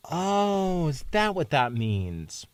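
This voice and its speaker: A man's voice: fairly high pitch, very animated, takes it slowly, clear, resonant tone, no room sound. A man co-hosting a podcast, reading a fan story aloud and joking around in casual chat. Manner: playful, jokey asides. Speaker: podcast co-host and reader. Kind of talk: casual chat and fanfic narration. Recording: dry, distant mic.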